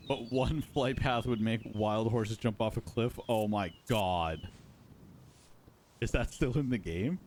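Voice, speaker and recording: A man's voice: fairly low pitch, slow pace, pauses often, darkish tone, a little hiss or hum. A man hosting a live stream, giving casual, playful commentary while playing and talking to his chat. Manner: chatty, playful, talks to chat.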